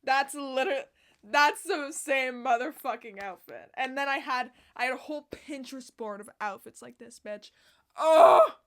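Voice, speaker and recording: A young woman vlogger chatting outdoors, excitable and sassy, swearing often. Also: high voice, moderate pace. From Canada. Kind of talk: casual chat. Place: outdoors on a sunny day.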